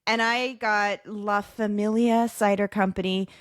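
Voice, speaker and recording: A woman's voice: mid-range voice, fairly even intonation, unhurried, no room sound, clean studio sound. Playful, chatty woman podcast co-host. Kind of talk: casual chat.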